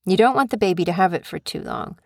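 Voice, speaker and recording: A woman's voice: medium pitch, expressive, quick pace, no echo, studio quality. A mother casually telling her young son a family story, chatty and rambling, acting out quotes with animation. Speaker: mother and vlogger.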